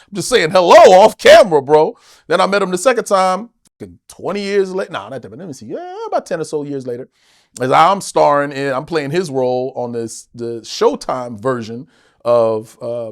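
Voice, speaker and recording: A middle-aged man, an actor, telling stories in a casual interview, swearing and acting out quotes in other voices. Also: on the high side. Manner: animated, swearing, acts out quotes in other voices, laughs often.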